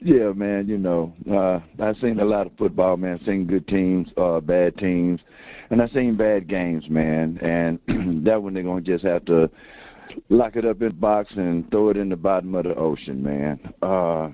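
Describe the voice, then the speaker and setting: A man's voice: deep voice, measured pace, no room sound. A man calling in to a sports talk show, laid-back and rambling, full of fillers. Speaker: caller. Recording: tinny phone line.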